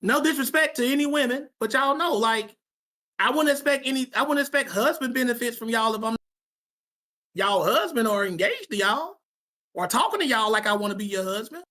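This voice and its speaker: Emphatic, slangy Sabbath class teacher. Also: male voice, very high-pitched, animated, brisk, bright, forceful tone. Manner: emphatic and slangy, repeats points for stress. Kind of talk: informal preaching to young people.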